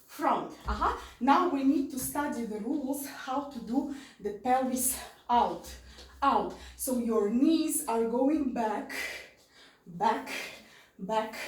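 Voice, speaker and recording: Dance instructor, woman, high voice, slow and deliberate, mic set back in an echoey studio. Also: darkish tone, recorded from a distance. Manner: repetitive coaching cues, counting beats. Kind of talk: online dance class instruction.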